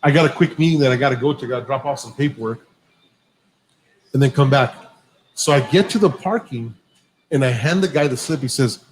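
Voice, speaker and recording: A man's voice: medium pitch, brisk, pauses often, slight background noise, rough recording. A man hosting a podcast, telling a long profane story in a casual way and acting out the dialogue. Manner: profane, animated anecdote-telling with quoted dialogue. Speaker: podcast host.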